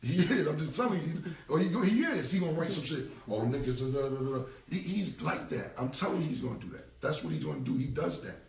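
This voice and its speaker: A man in his forties, a rapper, is responding on a phone livestream in a casual, rambling rant that's emphatic, profane, and full of repeated points. His gravelly voice sits a little high, expressive and quick with few pauses. He's far from the phone, which is held away, so the sound has a roomy echo.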